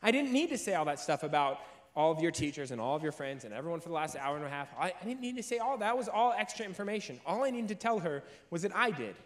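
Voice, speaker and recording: A young man giving a motivational speech in a large room, telling a story in a lively, casual way, often saying "like" and acting out what he once said. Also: on the high side, quick pace. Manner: animated storyteller, heavy use of "like", acts out his own past lines. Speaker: keynote speaker.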